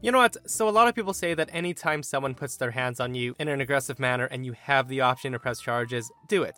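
A man narrating a reddit story aloud, animated, voicing the quoted lines himself. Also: medium pitch, fast, faint music behind.

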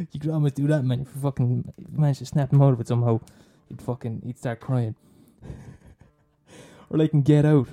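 A man's voice: mid-range voice, steady tone, normal speed, warm tone. An Irish man hosting a podcast, rambling in a casual monologue, swearing, laughing and teasing his listeners. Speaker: podcast host recommending films.

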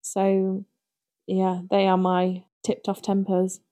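At a slow pace and medium pitch, a female podcast co-host recounts stories in casual talk. Her storytelling is animated, and laughter comes often.

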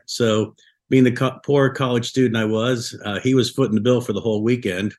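A man's voice: mid-range voice, fairly even intonation, brisk, darkish tone. A man from Buffalo, New York, a restaurant co-founder guest telling rambling anecdotes on a podcast, often restarting his sentences. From Buffalo, New York, USA. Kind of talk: casual podcast storytelling.

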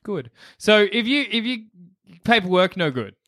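A man co-hosting a loose, jokey chat, laughing often between lines. His voice sits a little high and leaps around a lot in pitch. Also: moderate pace. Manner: laughs often, animated joking. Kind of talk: casual chat.

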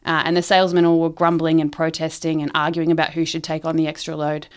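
A woman's voice: low-pitched, completely flat delivery, fast talker, smooth. A woman casually telling a long shaggy dog joke, giggling often and rambling with ums and restarts. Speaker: joke teller.

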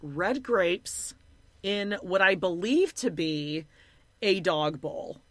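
Blunt, animated woman chatting. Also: lowish voice, takes it slowly, dry recording. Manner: animated, mimics people in quotes, blunt and profane. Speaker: podcast co-host. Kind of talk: casual chat recapping a reality show.

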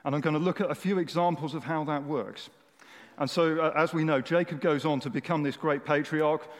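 Brief: male preacher, chatty and humorous, slightly high voice, reverberant church hall. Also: steady tone, a little fast. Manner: conversational, humorous, with fillers. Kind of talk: sermon. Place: church hall with a large audience. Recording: echoey hall.

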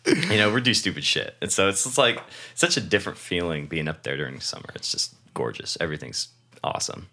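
A man's voice: sits low, animated, fast talker, bright, forceful tone. A young man from Washington state, co-hosting a podcast in casual chat, rambling through stories, laughing often and swearing freely. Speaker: podcast co-host.

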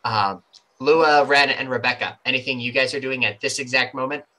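Bright-voiced male game master narrating. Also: mid-range voice, fairly even intonation, moderate pace, low-quality recording. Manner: rambling, hedging narration.

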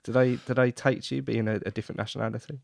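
A man's voice: mid-range voice, flat delivery, very fast, gravelly, darkish tone, no echo, studio quality. A man interviewing a guest, asking questions hesitantly and repeating words as he goes.

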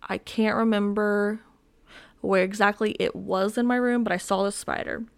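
A woman's voice: mid-range voice, steady tone, normal speed, creaky, clear, resonant tone. A woman in her twenties hosting a podcast alone, rambling and self-deprecating with many fillers. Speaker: podcast host. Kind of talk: casual solo chat.

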